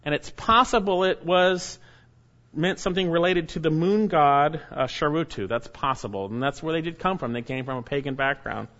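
A man's voice: fairly high pitch, moderate pace, fairly bright tone, dull audio. A man, a pastor, preaching a sermon verse by verse, reading scripture aloud and adding emphatic asides to his listeners.

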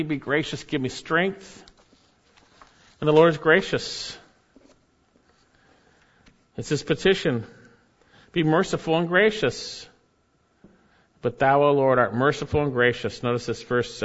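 A man preaching a sermon, reading scripture and explaining it, rising to loud emphasis and dropping to hushed tones. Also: a little high, lo-fi sound. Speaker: pastor.

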